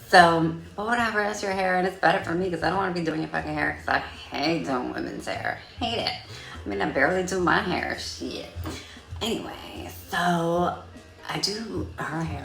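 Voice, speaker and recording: A woman telling a story in a casual vlog, sassy and profane, with animated delivery. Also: fairly low pitch, moderate pace, vocal fry, echoey room, soft background music. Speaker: vlogger.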